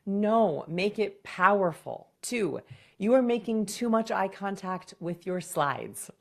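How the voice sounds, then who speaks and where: A woman's voice: mid-range voice, animated, creaky. A woman communication coach giving direct, punchy presentation advice in a scripted video. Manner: direct, punchy advice with quick acted examples.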